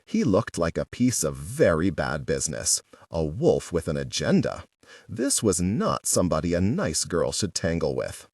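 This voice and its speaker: A man reading a novel aloud in the first person, wry and animated. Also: sits low, normal speed, dry recording. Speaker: audiobook reader. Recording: dry sound, distant mic.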